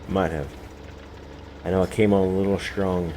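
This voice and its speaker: A man with a low, deep voice talks to viewers while streaming a farming game. He rambles loosely and jokes at his own expense. Fillers like "you know" keep cropping up, and a faint hiss sits under his words. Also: little pitch movement, normal speed, mellow, low-quality recording. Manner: joking, self-mocking, many "you know" fillers. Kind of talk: rambling live-stream chat. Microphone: desk microphone, no camera.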